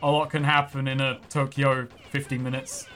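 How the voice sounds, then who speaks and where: A man's voice: medium pitch, level tone, normal speed, fairly bright tone, soft background music. A man casually chatting and joking while playing a game on a livestream, swearing freely and poking fun at himself. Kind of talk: casual gaming livestream banter.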